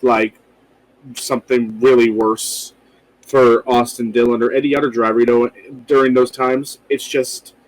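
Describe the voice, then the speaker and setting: A man's voice: medium pitch, little pitch movement, unhurried, no room sound, low-quality recording. A man co-hosting a casual podcast, talking loosely with frequent swearing and rambling asides. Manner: loose, profane, rambling with fillers. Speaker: podcast co-host.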